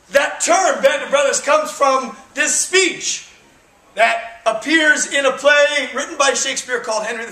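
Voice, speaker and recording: Actor guy joking through a history story for a school crowd, slow and bright, echoey hall, camera way back. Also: extremely high pitch, far from the mic. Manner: jokey, conversational, emphatic. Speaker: touring actor speaking to students. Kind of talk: theatrical storytelling. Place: school auditorium. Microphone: far camera.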